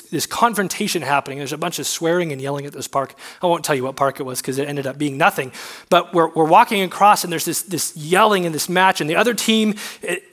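A man in his thirties preaching to young adults, telling a personal story in an earnest, halting, emotional way. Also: fairly high pitch, fairly bright tone.

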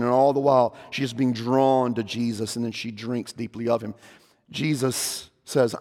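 Pastor guy preaching, mid-pitched voice, gets loud and emphatic on the big lines, long church echo. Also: fairly even intonation, moderate pace. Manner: emphatic, rising to loud proclamation on quotes. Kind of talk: sermon. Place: church sanctuary.

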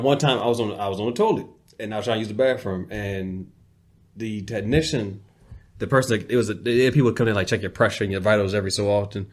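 Man telling stories on a podcast. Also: on the low side. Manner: animated storyteller, quotes people in acted voices. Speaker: podcast co-host. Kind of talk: casual podcast storytelling.

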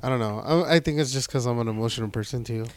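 A man's voice: medium pitch, fast talker, dry recording. A man chatting casually and laughing often, swearing freely. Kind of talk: casual chat.

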